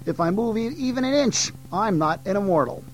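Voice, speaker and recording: A man's voice: high voice, lively intonation, fairly quick, pitched above the performer's own voice, low-quality recording. A man voicing a boastful, cheeky male monkey trickster who teases and gloats. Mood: teasing. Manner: teasing, smug and playful.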